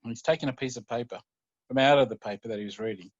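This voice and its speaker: A man's voice: medium pitch, no echo. Aussie guy telling a story, easygoing and chatty, dry muffled sound. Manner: conversational, unhurried, with fillers. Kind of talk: oral storytelling.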